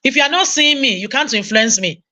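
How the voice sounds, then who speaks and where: Nigerian woman preacher, lively storyteller, parenting sermon. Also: high voice, brisk. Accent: Nigerian English. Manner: animated storytelling, acting out voices. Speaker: conference speaker. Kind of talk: sermon-style parenting talk.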